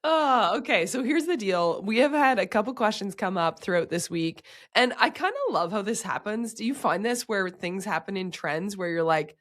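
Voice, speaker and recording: A woman hosting a podcast with a hoarse, sick voice, explaining health topics in casual chat. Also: mid-range voice, animated, moderate pace, few pauses. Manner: upbeat, explains physiology step by step. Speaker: podcast host.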